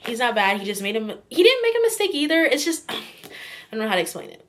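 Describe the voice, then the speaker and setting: A woman's voice: on the high side, big pitch swings, fast talker, fairly bright tone. A woman vlogging casually about a book she is reading. She rambles, fills her talk with "like" and "kinda", and gushes openly. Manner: chatty and gushing. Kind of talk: casual chat.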